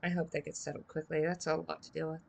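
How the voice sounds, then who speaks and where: A woman's voice: low-pitched, level tone, fast, gravelly. A woman streaming a game, reading its lines aloud and reacting with chatty giggles.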